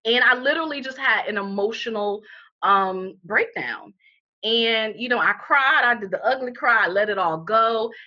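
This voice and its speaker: A woman's voice: a little high, normal speed, bright, forceful tone. A middle-aged woman, an interview guest who founded a healing center, telling her personal story candidly and emphatically, with many "you know" fillers. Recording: dull lo-fi recording.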